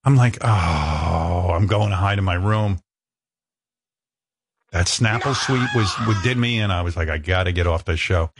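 Profane, exasperated male radio host. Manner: profane, exasperated, self-mocking; acts out quoted people with quick pitch jumps. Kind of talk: casual storytelling chat.

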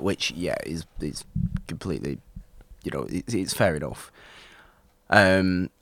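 A man's voice: sits low, unhurried. A man co-hosting a casual film discussion, rambling and often restarting his sentences. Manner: rambling, self-interrupting, animated.

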